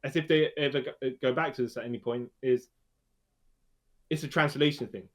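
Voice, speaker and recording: Male podcast co-host with a middle-pitched voice, loose and chatty, repeats himself and laughs easily. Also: steady tone, fairly quick. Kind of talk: casual film discussion.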